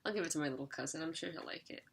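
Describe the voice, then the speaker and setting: A woman's voice: low-pitched, very fast, vocal fry, a little hiss or hum. A young woman vlogging an unboxing in a chatty, giggly way, sometimes talking while she eats. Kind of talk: casual unboxing chat.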